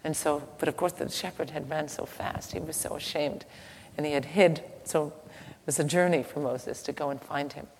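Low, gravelly woman teaching in a hall. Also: fairly even intonation. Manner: slow, halting, soft-spoken. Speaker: spiritual teacher. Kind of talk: devotional teaching with a story. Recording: echoey hall, faint ambient noise.

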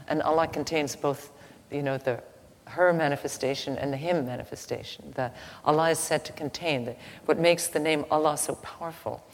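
A woman giving a slow, halting devotional teaching with a story, soft-spoken, recorded in an echoey hall with faint ambient noise. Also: sits low, creaky. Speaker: spiritual teacher.

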